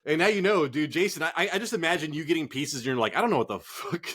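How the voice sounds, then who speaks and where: A man's voice: a little high, expressive, quick pace, a bit bright, slightly rough. A man co-hosting a casual sports chat show, joking, laughing and swearing as he talks. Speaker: podcast co-host. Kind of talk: casual chat while drinking.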